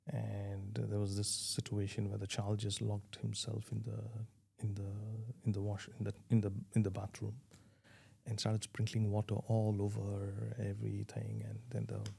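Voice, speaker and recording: A man's voice: fairly low pitch, monotone, moderate pace, vocal fry, warm tone, slightly rough. A man speaking earnestly in an interview, advising on parenting and restarting his sentences as he thinks. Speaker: parenting guest. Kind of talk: conversational interview answers.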